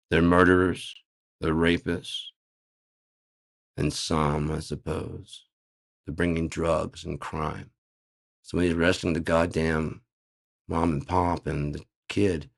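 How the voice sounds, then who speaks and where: A man's voice: low voice, gravelly, a little mellow. A man ranting in a casual monologue, sarcastic, profane and rambling. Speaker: host.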